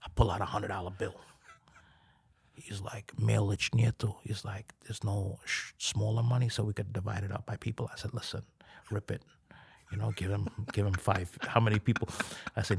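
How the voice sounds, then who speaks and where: Podcast guest: a man with a raspy, gravelly voice who tells animated stories and acts out the dialogue. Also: lowish voice, brisk. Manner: animated, acts out quoted dialogue, laughs often. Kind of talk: casual storytelling chat.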